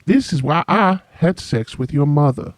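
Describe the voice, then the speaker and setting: A pompous self-styled gentleman holds forth in a put-on posh accent, as a man plays him. He speaks steadily and indignantly, in a dry, close voice. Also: fairly high pitch, expressive, normal speed, dry recording, natural voice. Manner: pompous, affected upper-class accent. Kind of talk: improvised comedy sketch.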